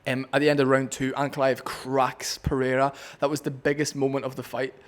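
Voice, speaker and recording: A man's voice: mid-range voice, completely flat delivery, a little fast. Blunt Scottish man ranting about fights. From Scotland. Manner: blunt, opinionated and profane. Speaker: MMA commentator. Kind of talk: casual fight breakdown vlog.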